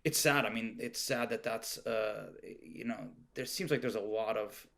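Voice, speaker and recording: A man's voice: lowish voice, normal speed, fairly bright tone. A middle-aged man chatting casually as a podcast guest, rambling with frequent restarts and fillers. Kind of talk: casual interview chat. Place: Oregon home.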